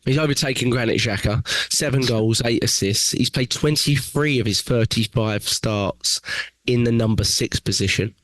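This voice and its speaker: A man hosting a casual football podcast who chips in with quick remarks and reels off stats. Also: mid-range voice, fairly bright tone, dry recording. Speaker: podcast host.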